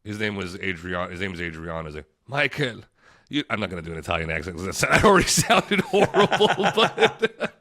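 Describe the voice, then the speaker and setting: A laid-back man chats as a podcast guest, his lowish voice bright and forward. He tells travel stories loosely, laughing often and throwing in "dude.". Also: big pitch swings, brisk. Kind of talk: casual podcast interview.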